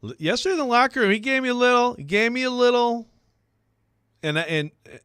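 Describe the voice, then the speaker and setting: A man hosting a sports talk radio show, rambling and self-deprecating, quick to laugh. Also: very high voice, animated, sharp tone, clear, resonant tone, dry recording, clean studio sound.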